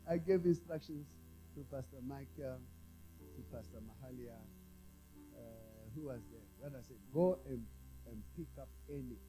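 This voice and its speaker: A mellow yet high and lively voice belongs to a South African apostle preaching a sermon, his pitch sweeping up and down over faint music; the audio is poor. Using call-and-response, he asks the congregation to echo him and swings between quiet, low asides and loud, raised exhortation.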